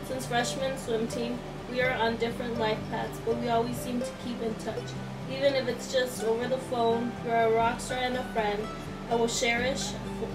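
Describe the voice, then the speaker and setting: A giggly woman chatting casually and reading a card aloud. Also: fairly high pitch. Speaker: friend asked to be a bridesmaid. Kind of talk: casual chat. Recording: echoey room, picked up from a distance, loud music behind.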